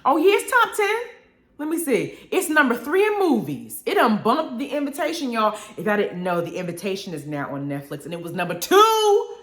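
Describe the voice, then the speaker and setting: Woman host, lively swooping pitch, animated, laughs a lot, casual live chat, roomy echo. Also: a little fast. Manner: animated, expressive, laughs often, drawls "honey" and "y'all". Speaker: radio show host. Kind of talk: casual live-stream chat reading viewer comments.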